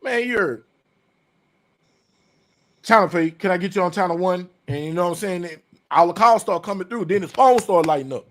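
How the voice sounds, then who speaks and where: A man's voice: sits high, moderate pace, long pauses. A man hosting a casual chat show, telling a personal story in loose slang and acting out the quoted voices. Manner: animated, acts out quoted dialogue, loose slangy delivery. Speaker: podcast host.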